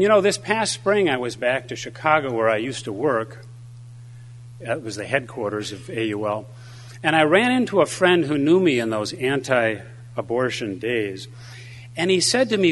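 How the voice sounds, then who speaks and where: A man's voice: mid-range voice, a little hiss or hum. An older man giving a conference speech, telling anecdotes and a joke. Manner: storytelling, lively delivery. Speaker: conference speaker.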